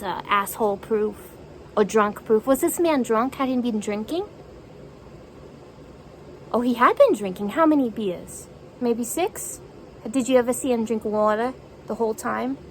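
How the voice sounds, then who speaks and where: A woman's voice: a little high, gravelly, a little hiss or hum, rough recording. A woman in a one-sided conversation, repeating back what she hears and asking incredulous follow-up questions.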